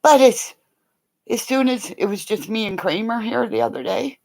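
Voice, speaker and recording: An older woman chatting casually on a livestream, telling rambling stories and now and then whispering softly to her dog. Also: on the high side, normal speed, gravelly, rough recording. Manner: rambling storytelling, swings between loud exclamations and soft whispers to her dog.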